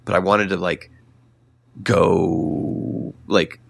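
A man guesting on a podcast as an author, talking in an animated, rambling way with lots of fillers and laughter. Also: deep voice, very slow, gravelly. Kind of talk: casual podcast chat.

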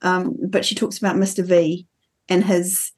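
A woman's voice: lowish voice, level tone, moderate pace, darkish tone, slightly rough. A woman co-hosting a podcast in casual chat, rambling with frequent restarts. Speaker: podcast co-host.

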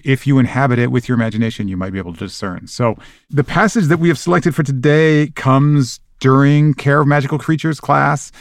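A man's voice: mid-range voice, no room sound, clean studio sound. Thoughtful man hosting a podcast. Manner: explanatory, thoughtful. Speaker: podcast co-host. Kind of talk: podcast chat and reading aloud.

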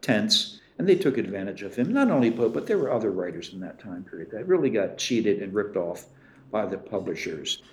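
A man talks with a lively, swooping pitch, pressing his points emphatically. His voice rings in a noticeably roomy space. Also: brisk. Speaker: guest expert. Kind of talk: interview discussion. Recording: roomy echo.

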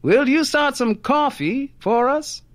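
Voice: mid-range voice, big pitch swings, a little slow, no echo. A narrator voicing a meek, nervous family man who speaks hesitantly and vaguely. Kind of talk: audiobook character voice.

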